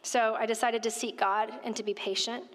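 A woman telling a story in a sermon, animated and chatty, talking straight to the people in front of her. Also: fairly high pitch, a little fast. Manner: animated, conversational, addresses listeners directly. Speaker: women's ministry speaker. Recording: reverberant hall.

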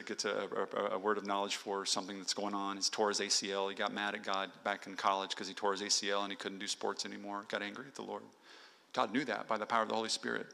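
Gravelly, bright-voiced man preaching. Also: lowish voice. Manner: earnest, exhorting, lists numbered points. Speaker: pastor. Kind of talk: sermon. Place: church sanctuary. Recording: long hall reverb.

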